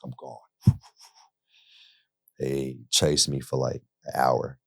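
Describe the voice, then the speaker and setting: A man's voice: a bass voice, monotone, slow, vocal fry, a bit bright, breathy edge, no room sound, clean studio sound. A young man telling his own story in a loose, conversational way, with lots of "like" and "right?". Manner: laid-back and conversational, full of "like" and "right?". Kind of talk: casual storytelling. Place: interview studio.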